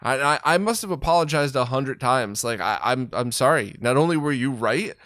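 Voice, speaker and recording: A man's voice: mid-range voice, expressive, moderate pace, fairly bright tone, no echo, clean studio sound. A man hosting a casual interview as a retro gaming video creator, talking frankly and animatedly and swearing freely. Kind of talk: casual conversation.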